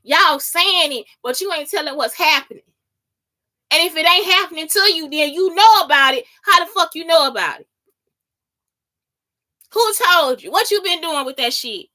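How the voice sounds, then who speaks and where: A woman delivers a casual solo podcast monologue in a high, bright voice. She is heated and profane and keeps turning to her listeners to ask whether they understand. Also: expressive, moderate pace, pauses often. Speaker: podcast host.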